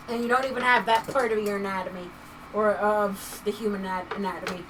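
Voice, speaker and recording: A woman's voice: mid-range voice, steady tone, fast, a bit bright, far from the mic, slight background noise, low-quality recording. A woman chatting casually on a live stream, laughing often and reading chat messages aloud while she works.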